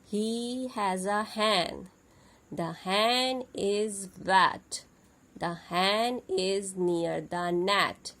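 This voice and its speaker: A young woman with an Indian English accent teaching a phonics lesson to small children. She spells each word letter by letter and then reads it out slowly. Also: mid-range voice, fairly bright tone.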